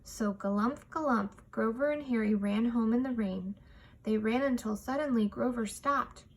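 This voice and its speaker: A woman reading a children's picture book aloud, expressive and measured. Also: a little high, husky. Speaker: storytime reader.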